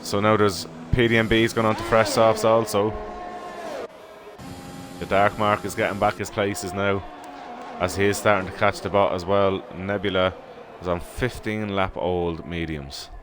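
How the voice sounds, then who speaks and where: An Irish man giving live sim racing commentary in steady, informal play-by-play. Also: on the low side, a little slow, background noise. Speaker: race commentator. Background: background music.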